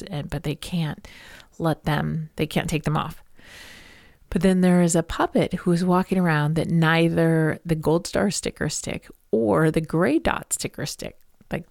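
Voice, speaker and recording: A woman's voice: sits low, gravelly, a little mellow, dry recording, studio quality. A woman hosting a spiritual podcast, talking through a story in an earnest, heartfelt way. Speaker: podcast host.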